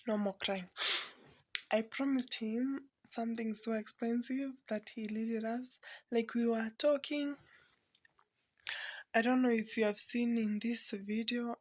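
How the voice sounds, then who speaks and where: A young woman talks straight to camera in a soft, near-whispered voice, slow and unhurried. Her pitch sits a little high, and she sounds emotional, on the edge of tears. The recording is close and dry, with no room sound. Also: fairly even intonation, no room sound. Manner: soft-spoken, often near a whisper, mixing Swahili into English. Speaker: vlogger, mother. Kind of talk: casual vlog talk to camera.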